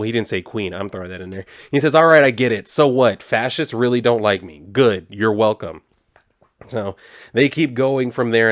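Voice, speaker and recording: Guy doing a chill sarcastic comic recap, reading the lines out loud. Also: medium pitch. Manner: sarcastic, reads out dialogue in a flat paraphrasing voice. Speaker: comic book reviewer. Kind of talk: casual comic recap with commentary.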